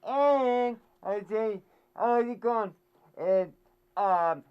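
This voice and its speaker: A woman's voice: a little high, extremely slow, clear, resonant tone, highs cut off. A woman playing a sidekick who mumbles incoherent babble in a comedy sketch. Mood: babbling. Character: mumbling sidekick called Butch.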